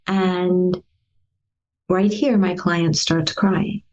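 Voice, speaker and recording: Soft-spoken woman therapist, gravelly and dark. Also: lowish voice, a little slow, highs cut off. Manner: gentle, lively storyteller acting out past dialogue. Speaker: therapist guest. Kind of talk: interview storytelling.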